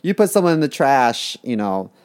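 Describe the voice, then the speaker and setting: A man's voice: medium pitch, very animated, moderate pace, clear, resonant tone. A young man from Baltimore co-hosting a podcast, telling crude jokes in a rambling casual chat. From Baltimore, USA. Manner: crude, joking, rambling with fillers. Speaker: podcast co-host.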